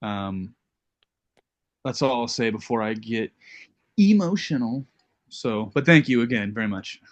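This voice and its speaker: A man, a guest poet, offering heartfelt thanks in an earnest, halting way on a video call. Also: lowish voice, lo-fi sound.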